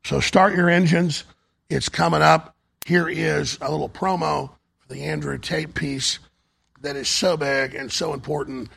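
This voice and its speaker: Hoarse gravelly talk show host. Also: male voice, steady tone, measured pace, fairly bright tone. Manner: urgent, repetitive sales pitch. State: hoarse, voice nearly gone. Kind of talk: on-air fundraising and product pitch.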